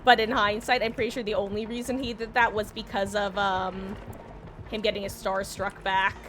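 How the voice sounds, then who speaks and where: A woman's voice: medium pitch, flat delivery, normal speed, fairly bright tone, faint music behind. A young woman streaming a game live, chatting casually and giggling, sometimes cooing to her cat. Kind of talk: casual live-stream chat while gaming.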